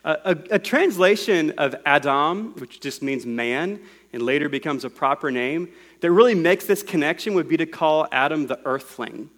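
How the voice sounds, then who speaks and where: A man with a fairly high voice delivers a sermon to a gathered congregation. He unpacks scripture word by word, teaching as much as preaching. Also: animated, normal speed, fairly bright tone. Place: room with a congregation.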